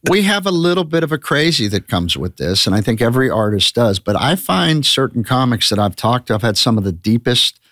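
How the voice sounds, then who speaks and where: A man's voice: lowish voice, expressive, a little fast, few pauses, a bit bright, no room sound, clean studio sound. A man in his fifties, a comedian guest telling candid stories in a casual, rambling podcast chat. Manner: candid, rambling storyteller with restarts.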